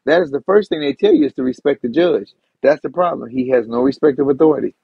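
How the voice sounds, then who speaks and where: A man's voice: fairly high pitch, animated, quick pace, vocal fry, slightly rough, no room sound, phone-quality sound. A man hosting a podcast, chatting casually and bluntly about politics with wry quips. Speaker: podcast host.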